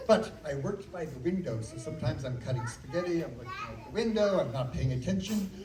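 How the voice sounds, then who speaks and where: A male children's magician doing a playful, animated magic show and storytelling in a library, talking with the audience. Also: a little high, fairly quick, far from the mic, crowd noise. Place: public library room. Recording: echoey room from afar with kids.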